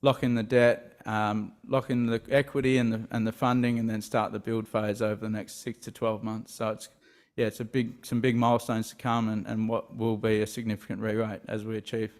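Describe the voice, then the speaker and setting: Guy doing an investor pitch, pretty monotone, lots of ums. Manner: halting, many fillers. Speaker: company presenter. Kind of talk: investor presentation.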